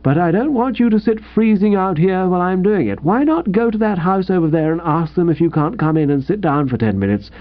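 A man's voice: high-pitched, animated, brisk, few pauses, voice pushed up. A man voicing a cheerful, breezy young husband who talks in a hearty, confident way, in a dull lo-fi recording.

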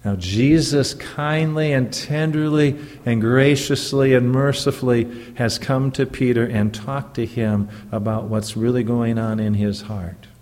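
A man's voice: medium pitch, steady tone, unhurried, few pauses, a little mellow, long reverb tail. A man who is a pastor preaching a sermon in an earnest, emphatic way, often stopping to check in with the congregation through rhetorical questions.

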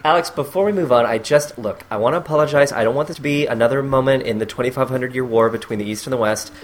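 A man's voice: medium pitch, fast, slight background noise. Guy hosting a comedy podcast, goofy and theatrical, reads stuff out with big flair. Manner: theatrical, jokey, bursts into mock villain voices. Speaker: podcast co-host. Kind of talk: comedic casual chat.

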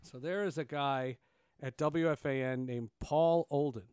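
Smooth-voiced man hosting. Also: medium pitch, unhurried, no room sound. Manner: animated storyteller, many fillers and restarts. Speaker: podcast host. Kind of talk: casual interview chat.

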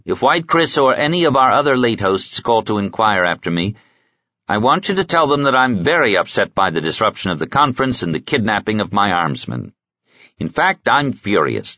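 A man voicing a sharp, restless small male noble investigator with a brisk, commanding, wry manner. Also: fairly low pitch, no echo, lo-fi sound, pitched above the performer's own voice, heavily acted.

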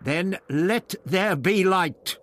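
A man voicing a calm, daring male hero in a storybook reading, speaking in an understated way. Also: medium pitch, unhurried, big-room sound, a little hiss or hum.

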